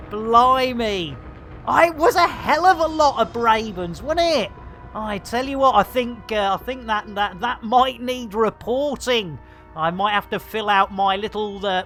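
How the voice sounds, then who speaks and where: A woman streaming a game live, chatting excitedly and thanking her viewers with frequent exclamations. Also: fairly high pitch. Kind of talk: live gaming stream chat.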